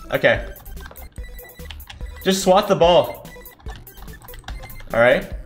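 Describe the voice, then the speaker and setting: A young man giving casual live commentary on a football game he is playing, thinking aloud and breaking into excited shouts. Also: medium pitch. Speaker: gaming streamer. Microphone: desk mic without a condenser.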